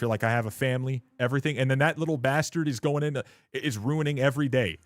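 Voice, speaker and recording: Picture a young man from Canada talking to his live-stream chat in a casual, blunt way. He swears freely and rants without much restraint. He breaks into laughter often, and his voice sits at a middle pitch for a man.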